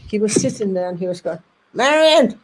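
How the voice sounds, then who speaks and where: A woman's voice: fairly low pitch, background noise. A woman from Denmark with a Danish accent, telling anecdotes to an audience and acting out the voices in them. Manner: lively, acts out voices in her anecdotes, with halting restarts. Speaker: speaker at an audience evening.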